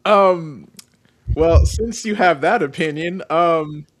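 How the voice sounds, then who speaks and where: A man's voice: on the high side, takes it slowly, dry recording. A man co-hosting a wrestling podcast, teasing the others in casual banter. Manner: teasing, mock-defiant banter. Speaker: podcast co-host.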